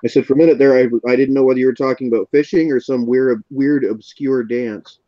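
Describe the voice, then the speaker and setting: A man in casual chat, telling an animated anecdote with a chuckle. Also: mid-range voice, fast talker. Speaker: podcast host. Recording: dull lo-fi audio.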